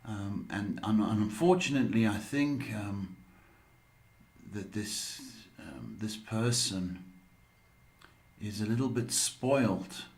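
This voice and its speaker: A man's voice: lowish voice, slow pace, a little mellow, roomy sound. A man giving psychic readings on a live stream, talking with many hesitant ums. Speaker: psychic reader.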